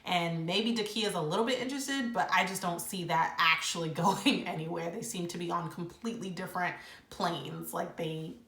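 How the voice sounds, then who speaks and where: A woman giving a casual, opinionated recap of a reality show episode, chatty and animated, with plenty of fillers. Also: fairly low pitch, normal speed, gravelly. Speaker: reality TV reviewer. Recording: echoey room.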